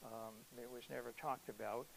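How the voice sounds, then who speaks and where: A man's voice: medium pitch, steady tone, normal speed, creaky, fairly bright tone, a little hiss or hum, low-quality recording. A man introducing his poetry at a reading, speaking in a hesitant, reflective way with frequent ums. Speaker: poet giving a reading. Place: cultural center hall.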